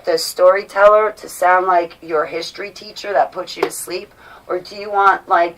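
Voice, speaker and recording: Woman vlogger, emphatic and animated, lower voice, recorded from a little distance. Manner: animated, emphatic, swings loud and soft. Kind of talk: casual monologue to viewers. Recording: voice a bit far from mic.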